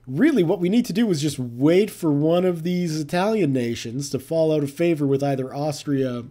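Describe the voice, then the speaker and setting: A man talks through a strategy game in a relaxed, chatty way, thinking aloud and tossing in playful jabs. His voice is mellow and dark, and it rises and falls a lot as he goes. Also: fairly high pitch, normal speed. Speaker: gameplay commentator. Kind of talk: casual let's-play commentary.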